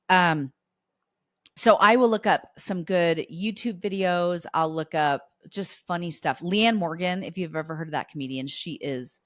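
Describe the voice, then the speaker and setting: Woman in her forties, podcast host, lower-pitched, close and dry; chatty, encouraging. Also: no room sound. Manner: chatty, warm encouragement with quoted dialogue. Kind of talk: casual solo podcast talk.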